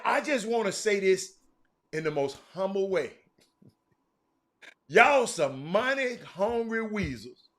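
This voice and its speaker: A man hosts a casual sports talk livestream. His bright, sharp voice sits high for a man. He talks in animated bursts, repeats names and restarts his sentences. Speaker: sports talk show host. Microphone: streaming mic.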